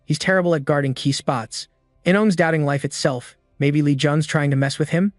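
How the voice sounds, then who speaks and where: Male recap narrator, punchy slangy delivery, slightly high voice, dry close mic. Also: steady tone, no echo. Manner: quick, punchy slang-filled storytelling. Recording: dry close voice over music.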